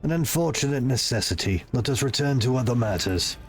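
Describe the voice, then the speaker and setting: A man's voice: mid-range voice, animated, brisk, slight background noise, lightly acted. A man voicing a cruel female master-at-arms in a game, speaking in a clipped, cold, relishing manner.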